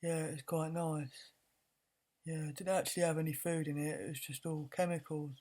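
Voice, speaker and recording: A woman's voice: low voice, fairly even intonation, normal speed, mellow. A woman mocking a dazed, complacent woman who is happy with her lot, in a dozy, sarcastic tone. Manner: mock-contented, dozy sarcasm.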